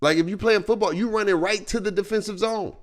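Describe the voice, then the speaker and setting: A man's voice: sits high, fast. A man streaming, ranting in a loose, slangy way and laughing as he goes. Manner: animated, slangy, laughing as he rants. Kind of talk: reaction stream rant.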